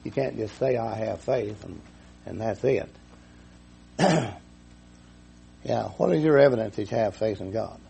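A man's voice: fairly low pitch, unhurried, vocal fry, long pauses, mellow, slight background noise. A man preaching a folksy sermon to his congregation, repeating himself and telling a homespun story. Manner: folksy, repetitive, chuckles at own jokes.

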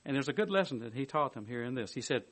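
A man giving a sermon, reading a commentary aloud and adding his own asides, moving between emphatic bursts and quiet, hushed stretches. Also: mid-range voice, quick pace. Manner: lively, swings from emphatic to hushed. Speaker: preacher.

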